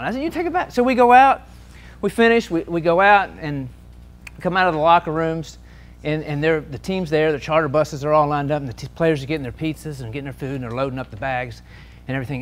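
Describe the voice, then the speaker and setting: A man with a fairly high voice tells anecdotes to a room of listeners. He swings from quiet asides to loud, excited bursts when he acts out what someone shouted. His talk is casual and full of restarts. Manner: animated anecdotes, shouting out quoted lines. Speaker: sports official and speaker. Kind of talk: storytelling talk to an audience.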